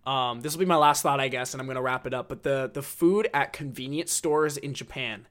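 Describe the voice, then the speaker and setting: A man talks on his own podcast in a loose, rambling way, full of ums and likes. He sounds keen and easygoing. His voice sits at an ordinary middle pitch. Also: brisk, a bit bright. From United States. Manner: rambling and enthusiastic, heavy on "um" and "like". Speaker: podcast host. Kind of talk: casual solo podcast chat.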